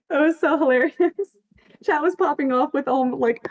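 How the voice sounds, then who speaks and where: A woman's voice: high-pitched, expressive, normal speed, long pauses. A woman chatting casually on a livestream, emphatic, swearing freely and laughing often as she answers her chat. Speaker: fanfiction writer on a livestream.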